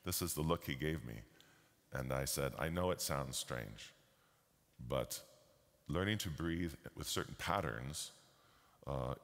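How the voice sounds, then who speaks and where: A man giving a slow, deliberate storytelling keynote talk at a conference. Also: a bass voice, expressive, a bit bright. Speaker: keynote speaker. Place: large conference hall. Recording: long hall reverb.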